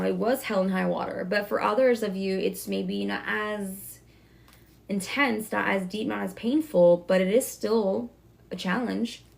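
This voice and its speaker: A woman giving a casual tarot reading to her viewers, talking fast and chatty, correcting herself as she goes. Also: mid-range voice, gravelly. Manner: talks fast, self-correcting, chatty and reassuring. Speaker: tarot reader.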